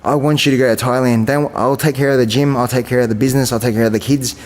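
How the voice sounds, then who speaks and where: A man in his forties tells long stories in a relaxed interview. He rambles through fillers and restarts and acts out what others said. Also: medium pitch, fast, long reverb tail. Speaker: guest, champion kickboxer. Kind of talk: casual storytelling interview.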